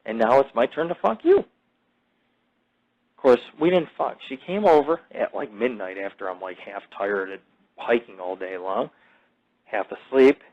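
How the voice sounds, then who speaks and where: A man's voice: mid-range voice, expressive, measured pace, pauses often, darkish tone. A man hosting a podcast, telling crude stories in a boastful, profane, rambling way full of fillers. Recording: dull lo-fi audio.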